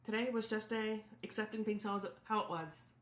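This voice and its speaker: A woman's voice: mid-range voice, steady tone, normal speed, reverberant. A woman hosting a solo podcast, talking candidly and reflectively about her own thoughts and feelings. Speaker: podcast host.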